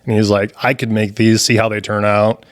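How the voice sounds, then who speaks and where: A young adult man co-hosting a podcast in casual chat, summing up news with deadpan jokes. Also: on the low side, fairly quick. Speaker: podcast co-host.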